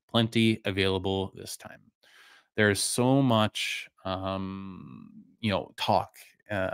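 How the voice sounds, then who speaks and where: A man's voice: fairly low pitch, clear, resonant tone, no room sound, studio quality. Man hosting a casual live stream. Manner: relaxed, rambling, many fillers and restarts. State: voice going a bit hoarse. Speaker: live-stream whisky reviewer, host. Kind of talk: casual live-stream chat, answering viewer comments.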